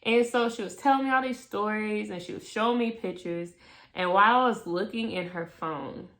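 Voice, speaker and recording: A young woman talks straight to camera in a relaxed storytelling vlog. Her delivery is animated and expressive. Her voice sits at an ordinary middle pitch. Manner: animated, acts out quoted voices. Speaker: vlogger.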